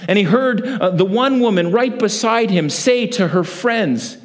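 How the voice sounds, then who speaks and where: A man delivers a sermon as a pastor, his voice sitting a little high. He slides into storytelling, acting out the people in it. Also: measured pace, few pauses. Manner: lively storyteller, acts out quoted voices.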